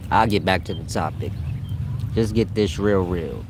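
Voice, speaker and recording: A man's voice: low voice, unhurried, background noise. A man giving profane, streetwise relationship advice in a casual monologue, breaking into laughter often. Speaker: advice vlogger.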